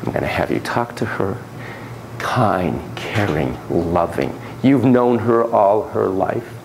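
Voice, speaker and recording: A man teaching a class on child psychotherapy in a classroom, talking in an animated way that swings between soft, low asides and emphatic bursts, often repeating his phrases. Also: normal speed, gravelly, noisy background. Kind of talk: classroom lecture with a volunteer demonstration.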